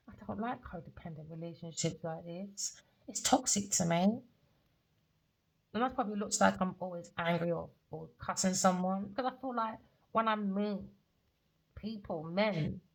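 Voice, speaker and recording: A woman's voice: medium pitch, vocal fry, poor audio. A British woman giving an unscripted tarot reading, talking in a blunt, raw, confessional way and swearing freely. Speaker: tarot reader.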